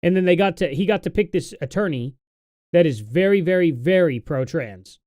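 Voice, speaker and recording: A man's voice: on the high side, lively intonation, moderate pace, darkish tone, dry recording. A young adult man hosting a casual live stream, talking in a tired, rambling, sarcastic way.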